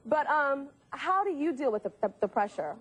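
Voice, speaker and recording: A woman's voice: sits high, big pitch swings, normal speed. A woman hosting a talk show interview, playful and teasing.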